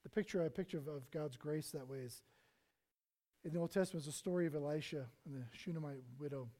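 At a quick pace and in a slightly high voice, a pastor preaches with sincerity, his delivery climbing loud and then easing almost to a hush. He performs prayers and Bible characters throughout.

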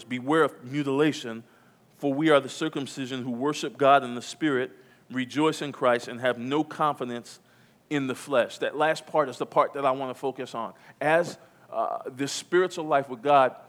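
A pastor with a mid-range voice and a moderate pace delivers a sermon in church. He preaches emphatically, repeating key phrases and calling out to the congregation with questions.

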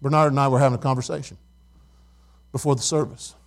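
In a fast, flat delivery at medium pitch, a middle-aged pastor preaches a sermon. He stays conversational with his congregation, questioning them and sharing stories.

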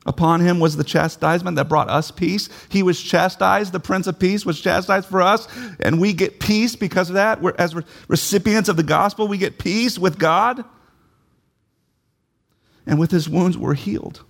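Gravelly-voiced man preaching a sermon. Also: sits high, normal speed, fairly bright tone. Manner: emphatic, repeats key phrases, asks the listeners questions.

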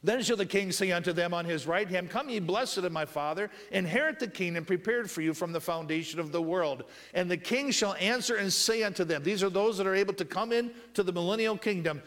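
A man preaching a sermon who reads scripture slowly, calls on the congregation to fill in words, and swings between loud raised passages and quiet asides. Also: high voice. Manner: asks the congregation to finish verses with "what?"; reads scripture in slow drawn-out phrases. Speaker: pastor.

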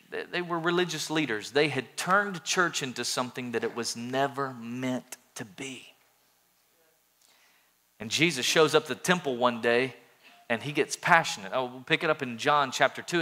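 A man preaching a sermon as a pastor, earnest and animated, with many restarts. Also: a little high.

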